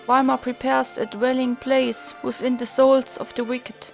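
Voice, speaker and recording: A woman's voice: high voice, level tone, unhurried, creaky, a little mellow, faint music behind. A woman with a German accent reading the lines of an earnest young female songstress who speaks formally and solemnly. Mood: troubled.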